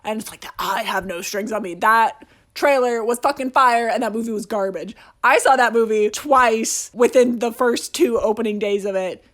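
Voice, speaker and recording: A young man hosting a casual movie review, excitedly rambling and swearing as he gushes. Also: high voice, moderate pace. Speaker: video essay host.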